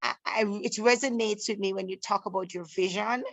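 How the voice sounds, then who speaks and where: A woman's voice: medium pitch, fairly even intonation, creaky, fairly bright tone, dry recording. A middle-aged woman with a Jamaican accent, chatting on a video call and often stopping to restart her sentences. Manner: halting, many restarts and fillers. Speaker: participant. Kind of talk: casual video call chat.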